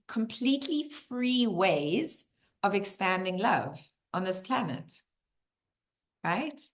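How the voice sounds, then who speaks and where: Woman, middle-aged teacher, casual Q&A, lively storyteller who plays the quotes out. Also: medium pitch. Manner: animated storyteller who acts out the voices she quotes. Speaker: teacher hosting a community Q&A. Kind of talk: casual community Q&A talk.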